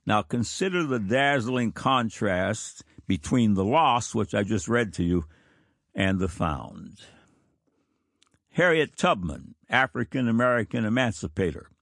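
Man, fifties, country pastor, sermon, slow and solemn, drawn-out words, dry close sound. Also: fairly low pitch, expressive, a bit bright, no room sound. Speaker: pastor of a small country church. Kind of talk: sermon reading of quotations.

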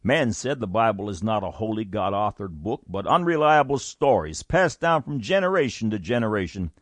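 A man's voice: on the low side, expressive, moderate pace, fairly bright tone, no room sound. A man reading a scripted Bible teaching, earnest and emphatic, quoting scripture aloud. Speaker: Bible teaching show host.

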